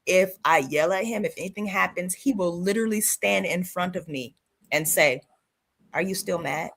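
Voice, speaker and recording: A woman in her thirties, a comedian guest telling lively stories in casual panel chat, acting out her children. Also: lowish voice, moderate pace. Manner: animated storyteller acting out her kids.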